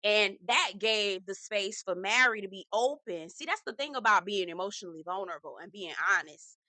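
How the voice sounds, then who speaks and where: Sassy woman with a bright, dry voice. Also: medium pitch, moderate pace, no room sound. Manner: sassy, animated, says "girl" often. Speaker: reality TV recap host. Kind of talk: casual recap commentary.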